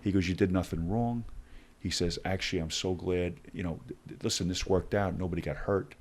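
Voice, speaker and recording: This middle-aged former hostage negotiator has a low-sitting voice and talks a little fast. As a podcast guest, he tells stories animatedly, acting out each exchange.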